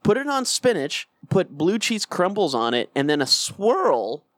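A man's voice: high voice, very animated, a little slow, a bit bright, no echo, studio quality. A man co-hosting a podcast in casual, profane, joking chat, acting out quoted lines. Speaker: podcast co-host.

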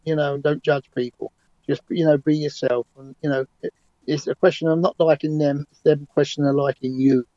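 A man's voice: fairly high pitch, steady tone, a little fast, dark tone, no room sound, lo-fi sound. A man, a cab driver talking confidently and emphatically as an interview guest, with frequent restarts. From England. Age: 60s. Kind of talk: remote interview, conversational storytelling.

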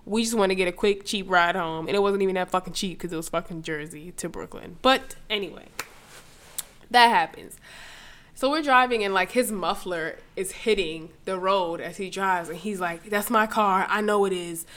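A young woman from the New York area tells a story in a loose, profane podcast chat. She acts out every person she quotes and keeps the energy up. Her voice sits at a middle pitch. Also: moderate pace. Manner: animated, swearing, mimics people in quotes.

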